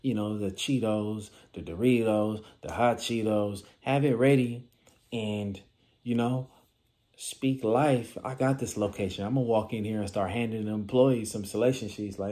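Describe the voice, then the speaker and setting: A man from California with a casual, animated vlogging manner, giving business advice and acting out little scenes. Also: lowish voice, normal speed. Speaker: vending machine business vlogger.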